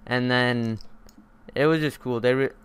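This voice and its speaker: Teen guy rambling thru a story on his podcast, lots of likes and uhs, smooth clean voice. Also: mid-range voice, fairly even intonation, a little slow, a bit bright. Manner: rambling, many fillers and restarts. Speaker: podcast host. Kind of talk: casual storytelling chat.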